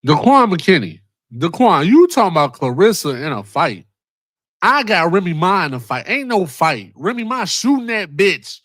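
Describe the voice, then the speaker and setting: A man hosting a casual commentary vlog, excitable and profane, often repeating himself. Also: sits high, moderate pace, no echo, clean studio sound. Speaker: host.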